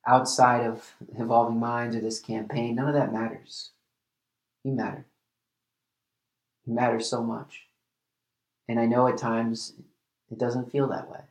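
A man hosting a solo podcast, talking earnestly and reflectively, often halting and restarting his sentences. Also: mid-range voice, little pitch movement, reverberant. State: emotional at times. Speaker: podcast host.

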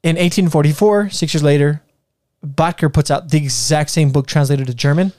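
A man co-hosting a casual history podcast, relaxed, retelling his notes with fillers and easy laughs. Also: a little high, moderate pace, no echo, studio quality. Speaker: podcast co-host.

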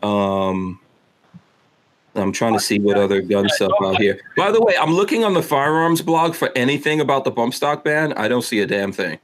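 A man's voice: medium pitch, moderate pace, a crowd in the background. A man hosting a podcast, chatting casually and teasing his co-hosts while reading out news. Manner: joking, teasing banter. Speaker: podcast host. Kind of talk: casual chat. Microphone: studio mic.

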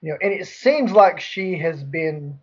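A man hosting a casual movie review chat, rambling and relaxed with many restarts. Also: on the high side, a little slow, husky. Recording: dull lo-fi recording.

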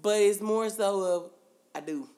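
A woman co-hosting a casual chat, relaxed and blunt, with slangy remarks and frequent laughter. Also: mid-range voice, unhurried. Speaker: podcast co-host.

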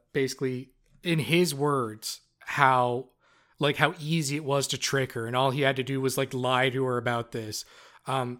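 A man with a Newfoundland accent narrating a tabletop game as game master, in a relaxed way with many fillers. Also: mid-range voice.

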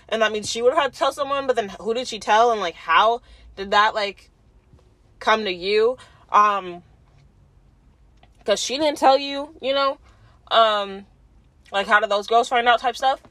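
A woman's voice: fairly high pitch, normal speed, pauses often, fairly bright tone, no room sound. A young woman casually recapping a reality show, chatty and full of fillers, acting out what people said. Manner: chatty, filler-heavy, acts out quotes.

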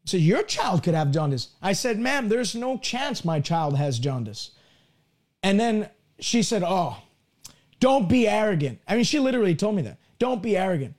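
A man's voice: high voice, big pitch swings, normal speed. A man preaching a sermon broadcast, telling a personal story in an earnest way and often repeating words as he builds up. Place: lives in Canada.

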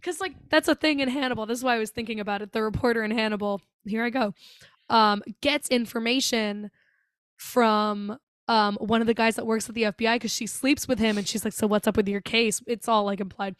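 A woman with a fairly high voice co-hosts a podcast in loose, casual chat. She gets animated, swears freely and acts out movie lines in quick little voices. The sound is dry and close, with no room around her. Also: no room sound. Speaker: podcast co-host.

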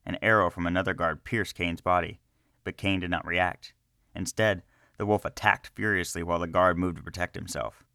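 Male audiobook narrator, very deep, measured and slow, dry close recording. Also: steady tone, bright, forceful tone, no echo. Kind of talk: scripted narration of a fantasy story.

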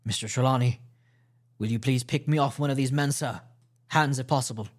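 A man's voice: mid-range voice, a little fast, close to an everyday voice. A man voicing a stern ship's captain in a storybook reading, giving clipped orders. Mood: firm.

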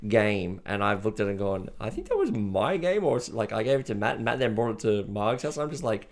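A man co-hosting a board game podcast in a relaxed, chatty way. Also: fairly low pitch, a little fast. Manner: relaxed, chatty, many fillers. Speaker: podcast host. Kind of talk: casual chat.

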